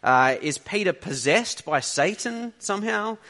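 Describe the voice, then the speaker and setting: A man's voice: high voice, animated, unhurried, pushed and bright. A man preaching a sermon, teaching earnestly and conversationally with rhetorical questions.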